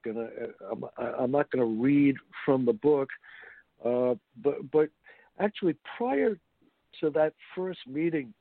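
A man with a gravelly edge is being interviewed about his book. He talks haltingly and often restarts his sentences, and the sound comes through a thin, phone-like line. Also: a little high, dry recording. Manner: halting, many fillers and restarts. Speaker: author guest. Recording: tinny phone-like line, dry.

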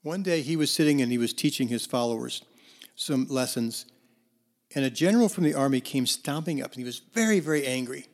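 A man's voice: mid-range voice, a little fast. A male counselor telling parables in a conversational talk, with fillers and restarts. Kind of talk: storytelling talk on forgiveness.

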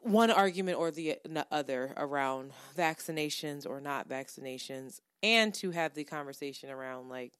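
A woman with a somewhat low voice co-hosts a podcast in loose, casual chat. She talks with profane, animated banter. Her sound is dry and close. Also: moderate pace, few pauses, clean tone, no echo. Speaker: podcast co-host.

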